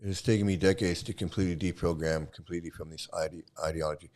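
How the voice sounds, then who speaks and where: A man's voice: deep voice, steady tone, quick pace, darkish tone. A man hosting a commentary video, ranting heatedly, swearing and repeating himself as he gets worked up. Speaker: commentary host. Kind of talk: angry commentary rant.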